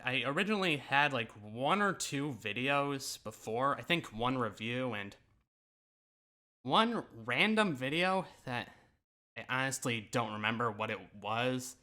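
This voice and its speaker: A man's voice: mid-range voice, lively intonation, a little slow, sharp tone. A man YouTuber reacting to his own old videos in casual, self-mocking commentary, laughing often and swearing.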